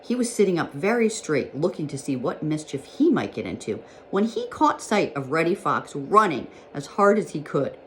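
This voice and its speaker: Low-voiced teacher reading a storybook aloud. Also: female voice, moderate pace, few pauses, a little hiss or hum. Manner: gentle, expressive storytelling. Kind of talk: storybook read-aloud for children.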